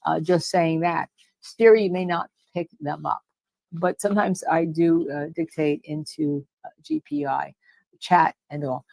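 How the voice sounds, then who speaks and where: A woman with a strong New Jersey accent hosts a casual livestream, her voice low and gravelly. She talks in an animated, repetitive way and reads chat comments aloud. The sound is dry and close, with no room echo. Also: measured pace. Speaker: livestream co-host discussing a court case.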